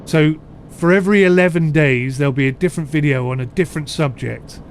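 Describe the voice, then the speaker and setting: Male streamer with a southern English accent, slightly high voice, rambling live game commentary. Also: brisk, slight background noise. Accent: mixed southern English. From United Kingdom. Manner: chatty, rambling, answers chat.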